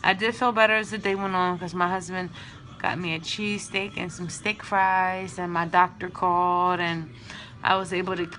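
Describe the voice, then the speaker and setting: A young adult woman talking straight to the camera in a chatty, candid way, her voice on the low side for a woman but bright and forceful. She sounds drained and low on energy, yet keeps talking openly about how she feels. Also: flat delivery, moderate pace. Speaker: vlogger sharing IVF updates. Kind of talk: casual vlog.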